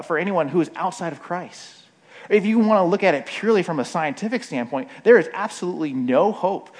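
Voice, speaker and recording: Male preacher, casual teaching sermon, slightly high-pitched, peppers his points with "right?". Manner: frequent "right?" tag questions, acts out quoted voices. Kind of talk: conversational sermon.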